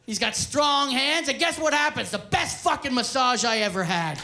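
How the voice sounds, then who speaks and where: Loud profane male stand-up comic. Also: extremely high pitch, animated, normal speed, few pauses, over music. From Canada. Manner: profane, loud, crowd-baiting delivery. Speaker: stand-up comedian. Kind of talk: stand-up comedy set. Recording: live club set with loud crowd laughter.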